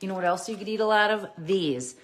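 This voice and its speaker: A woman's voice: medium pitch, brisk. A woman who teaches plant-based cooking, chatting upbeat and enthusiastic on a live stream as she unpacks her groceries and talks straight to her viewers.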